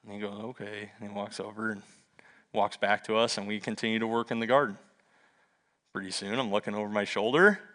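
A middle-aged male pastor preaching a sermon, telling stories in a lively way with humorous asides. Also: fairly low pitch, fairly quick. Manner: lively storytelling with asides and self-deprecating humor.

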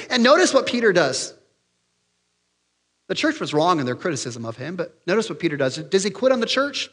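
A man preaching a sermon as pastor, animated and excitable, acting out the voices of the people he quotes. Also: brisk, breathy edge, in a large hall. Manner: animated, acts out quoted voices, raises pitch and volume for emphasis; excitable, loses his place in notes.

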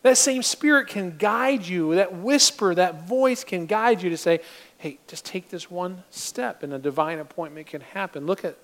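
High-voiced animated preacher man. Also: moderate pace. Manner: animated, acts out scenes in voices. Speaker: pastor. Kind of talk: sermon.

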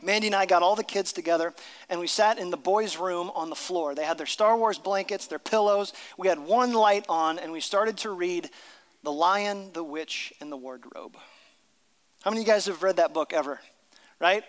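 Middle-aged male pastor, high bright voice, emphatic sermon delivery, long church reverb. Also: normal speed. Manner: emphatic, reads story aloud with character voices.

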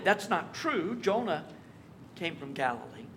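A man preaching a verse-by-verse sermon, conversational and lively with wry asides. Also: high voice, unhurried. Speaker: pastor. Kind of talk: expository sermon.

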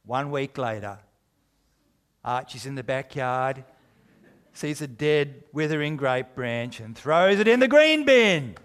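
A man's voice: medium pitch, animated, takes it slowly, fairly bright tone, clean tone. A middle-aged man preaching a sermon, conversational and jokey but driving home his points with emphasis. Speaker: pastor.

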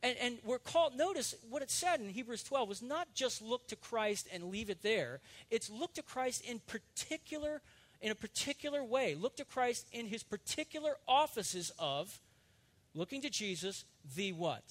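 A man with a fairly high voice delivers a sermon to his congregation. He speaks earnestly and confessionally, repeating words as he gathers his thoughts, then presses into fervent, ringing emphasis. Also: lively intonation, moderate pace. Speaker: pastor.

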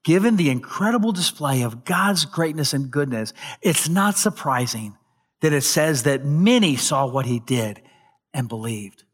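Male pastor, fairly high pitch, dramatic storytelling sermon delivery. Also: animated, a little slow, slightly rough. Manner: dramatic storytelling, rising to loud emphasis.

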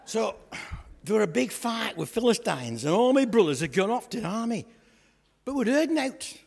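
A man playing a boastful, comic young shepherd lad, chatting and joking with a church congregation in a raspy voice. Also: high voice, sing-song, normal speed, a little mellow, slight background noise, full character voice. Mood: cheeky. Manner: chatty, jokey, asides to the congregation. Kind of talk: comic storytelling sketch in church. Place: church hall. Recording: echoey church hall.

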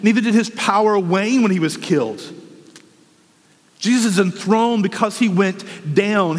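A man's voice: sits high, long reverb tail. A man preaching a sermon, working through rhetorical questions with fervent, impassioned delivery. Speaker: pastor.

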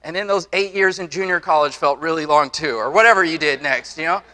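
A man's voice: a little high, a little fast, bright, forceful tone. A man in his forties preaching a sermon to a church congregation, earnest, with repetitions and casual asides. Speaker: pastor.

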